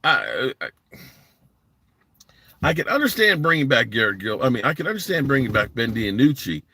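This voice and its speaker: A man's voice: mid-range voice, sing-song, normal speed, pushed and bright, husky. A man hosting a sports podcast live stream from a parked driveway, talking bluntly and rambling while reading comments from his chat.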